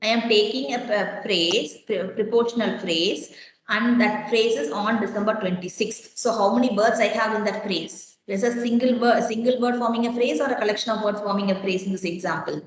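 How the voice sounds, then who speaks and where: A woman's voice: medium pitch, a little fast. A woman lecturer giving a classroom lesson, explaining step by step and quizzing her students with repeated questions. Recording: very echoey classroom.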